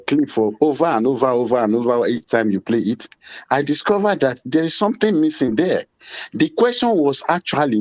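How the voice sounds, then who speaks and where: A man's voice: medium pitch, darkish tone, no room sound, lo-fi sound. A man, arguing on a heated panel debate and pressing the same pointed question again and again. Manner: challenging, repeats pointed questions.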